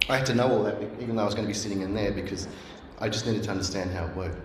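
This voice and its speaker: A man's voice: lowish voice, rapid-fire. Middle-aged man, sermon storytelling, earnest, echoey church hall, faint room hiss. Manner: earnest storytelling, acts out remembered voices. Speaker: guest speaker. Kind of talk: sermon told as personal story. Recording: roomy echo.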